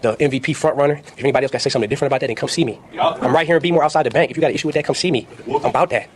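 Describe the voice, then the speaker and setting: A man's voice: mid-range voice, very fast. A man who is a football fan, speaking confidently outdoors on a city street and challenging anyone to disagree. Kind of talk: street selfie talk.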